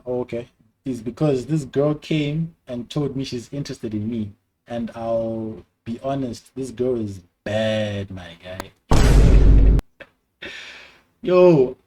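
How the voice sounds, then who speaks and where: A young man, a streamer chatting casually and giving advice to his viewers in a slangy, animated way, his voice jumping up and down in pitch and loudness. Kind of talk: casual livestream advice chat.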